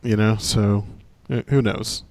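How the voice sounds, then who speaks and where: A man's voice: on the low side, fairly even intonation, slow pace, darkish tone, no room sound. A man hosting a podcast in a casual, joking, rambling way. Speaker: podcast host.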